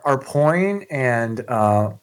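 A man's voice: mid-range voice, very animated, extremely slow. A man playing a tabletop game who talks hesitantly, with many fillers. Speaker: player. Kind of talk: casual game talk.

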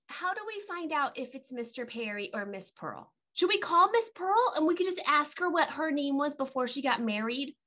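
A woman's voice: high voice, expressive, moderate pace, sharp tone. A woman voicing an eager, curious young schoolgirl in a tabletop game who asks many questions.

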